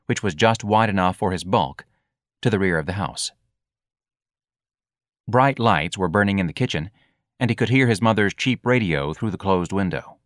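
An audiobook narrator reads a novel from a script in a measured, expressive voice that sits on the low side. The recording is dry, with clean studio sound.

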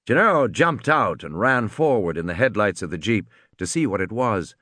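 A man's voice: on the low side, expressive, normal speed, pushed and bright, no room sound. Man narrating a tense audiobook. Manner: tense, dramatic storytelling.

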